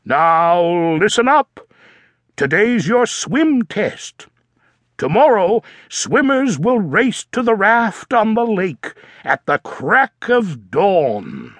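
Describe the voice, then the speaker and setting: Brief: bossy camp director, put on by a male narrator, booming announcements, kids' storybook. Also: sing-song, takes it slowly, fairly bright tone, no echo, full character voice. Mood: commanding.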